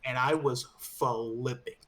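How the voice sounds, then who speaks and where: A man's voice: mid-range voice, steady tone, takes it slowly, over a noisy crowd. A young man co-hosts a casual podcast stream and tells a long, rambling party story. He swears freely, restarts his sentences and laughs along with his friends. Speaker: podcast co-host.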